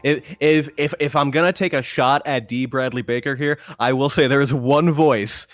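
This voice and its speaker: A man's voice: medium pitch, fairly even intonation, normal speed, faint music behind. A man who voice acts, a guest chatting casually over a voice call, swearing freely and laughing often. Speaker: guest voice actor. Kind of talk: casual chat.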